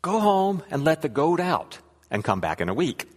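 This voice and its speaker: A man's voice: fairly high pitch, moderate pace, in a large hall, pitched above the performer's own voice. A man doing an old rabbi in a put-on accent. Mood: calm. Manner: odd put-on accent, calm and insistent.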